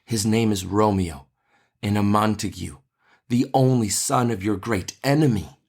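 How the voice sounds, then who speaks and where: A chatty older nurse from a stage play, read by a man. The lines come plainly in an ordinary voice, lifted a little brighter than his usual talk. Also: on the low side, a little slow, husky.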